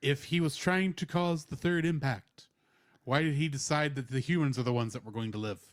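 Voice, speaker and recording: A man's voice: mid-range voice, fairly quick. A man co-hosting a podcast, asking questions and chatting casually about a show. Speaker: podcast co-host. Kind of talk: casual review chat.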